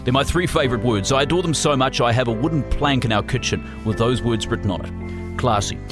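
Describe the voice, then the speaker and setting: A man's voice: medium pitch, fast talker, close to an everyday voice. A man voicing a smug male radio broadcaster giving a pompous pep talk over music. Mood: mock-inspirational. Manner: pompous, mock-inspirational speech.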